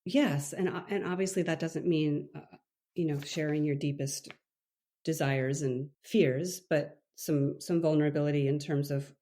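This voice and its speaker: A middle-aged woman from Maine chats on a podcast with a somewhat low voice. She is animated, acts out quoted lines in little voices, and laughs often. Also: moderate pace. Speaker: co-author and leadership coach. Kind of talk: conversational podcast interview.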